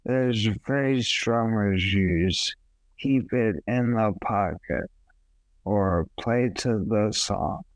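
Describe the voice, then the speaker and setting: Man, low voice, very slow, dry close sound, reflective and uplifting. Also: no room sound. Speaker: stroke survivor. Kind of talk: reading a personal story aloud.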